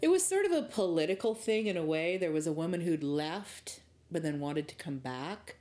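Warm in tone and fairly low in pitch, this woman speaks at a moderate pace with lively intonation. A middle-aged guest from rural Ontario, Canada, she reflects on her early career in an interview, candid and thoughtful, with frequent restarts.

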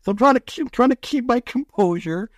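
Animated man telling broadcast stories. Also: very high voice, fairly quick, no echo. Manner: animated, excitable storyteller. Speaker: sports broadcaster guest. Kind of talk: storytelling in a podcast interview.

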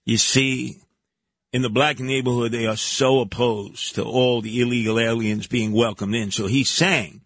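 A man's voice: medium pitch, steady tone, normal speed, fairly bright tone, dry recording. A man hosting a talk radio show, giving combative, sarcastic commentary. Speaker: radio host.

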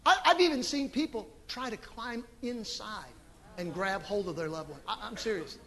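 A middle-aged man preaching a sermon as pastor, animated and emphatic, with sudden loud swells. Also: high-pitched, normal speed, long reverb tail. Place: church sanctuary.

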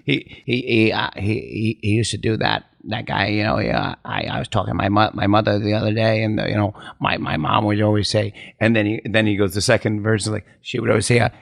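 Comedian guest, man, mid-pitched, storytelling energy, dry close mic. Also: fast, creaky, few pauses, no echo. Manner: animated storyteller, slips into voices. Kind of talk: casual chat, telling anecdotes.

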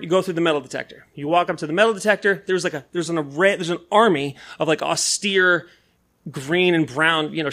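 High, bright-voiced man telling a rambling story. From San Diego, California. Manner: rambling, self-mocking, with put-on voices. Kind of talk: live storytelling on stage. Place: bar venue, live show.

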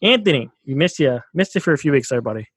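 A man co-hosting a casual sports podcast, chatty and quick to laugh. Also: fairly high pitch, expressive, breathy edge, no room sound. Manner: laughs often, chatty with filler words. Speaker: podcast co-host.

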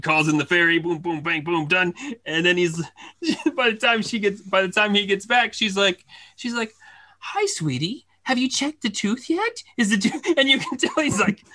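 Male co-host, bright and tense in tone, lively anecdote delivery with laughter and quick voice impressions. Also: extremely high pitch. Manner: animated storyteller who laughs and acts out family voices. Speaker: podcast co-host. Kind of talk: casual chat.

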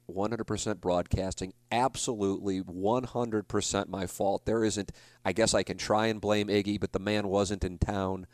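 A man in his forties hosts a podcast and talks straight to the listener in a rambling, self-deprecating way, often restarting his sentences. His voice sits fairly low, and the recording is dry and close. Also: darkish tone, no echo. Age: 40s. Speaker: podcast host. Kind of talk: casual monologue.

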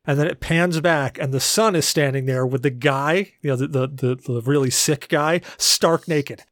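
Animated, rambling podcast guy. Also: a little high, moderate pace, dry recording, studio quality. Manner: rambling, animated storytelling with jokey banter. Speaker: podcast co-host. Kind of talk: casual chat.

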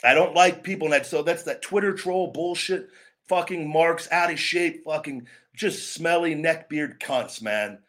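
A man's voice: fairly high pitch, measured pace. A man hosting a live wrestling show, berating online trolls with heavy swearing, then talking things over in a looser, rambling way. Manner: profane, aggressive, berating trolls; calmer, rambling with restarts. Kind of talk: live stream rant and commentary.

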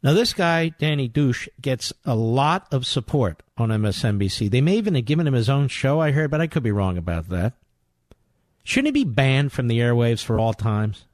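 A man's voice: medium pitch, very animated, moderate pace, no room sound, studio quality. Indignant male talk radio host. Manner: indignant, combative, rising to loud rhetorical questions.

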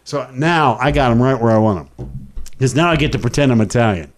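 A middle-aged man co-hosting a show, telling a travel story in a casual, animated way. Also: mid-range voice, brisk. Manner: animated storyteller who acts out the people in his story. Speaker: radio co-host.

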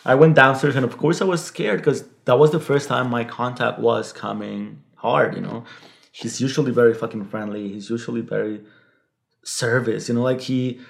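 A man's voice: mid-range voice, steady tone, moderate pace, gravelly. A man, an English speaker, telling a story in an interview, rambling with restarts and swearing. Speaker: guest, local fixer.

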